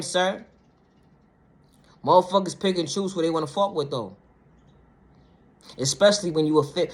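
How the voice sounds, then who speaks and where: A woman vlogger delivering a blunt, profane monologue rant, swinging between low, quiet stretches and loud, high outbursts. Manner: blunt, profane, repeats "ma'am, sir" and "respectfully".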